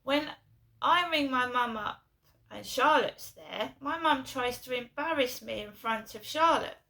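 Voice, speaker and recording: A middle-aged woman from England rambles through a personal story, repeating herself and restarting her sentences. Her voice is bright and sits somewhat high. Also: measured pace, gravelly. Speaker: vlogger.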